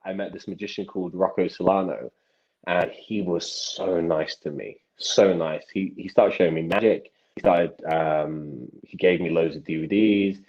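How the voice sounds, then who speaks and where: Deep-voiced young man, telling stories. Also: moderate pace. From England. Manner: animated anecdote-telling with many restarts. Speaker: magician guest. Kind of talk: casual podcast storytelling. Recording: dull lo-fi sound.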